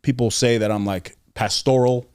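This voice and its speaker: A man's voice: medium pitch, steady tone, moderate pace, a little mellow, smooth, dry recording, studio quality. A young man guesting on a podcast, earnestly telling personal stories in casual conversation, with frequent fillers and restarts.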